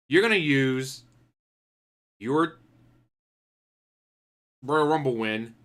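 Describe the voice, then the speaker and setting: A man's voice: medium pitch, normal speed, pauses often, bright, forceful tone. A man ranting casually about wrestling as a streamer, swearing often and acting out quotes in put-on voices.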